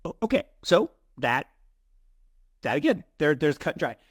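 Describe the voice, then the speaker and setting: A middle-aged man co-hosting an investing show, chatting in an animated way with many restarts and repeated words. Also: fairly high pitch, moderate pace, slightly rough, no echo, studio quality. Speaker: co-host of a crypto investing show. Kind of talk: casual conversational commentary.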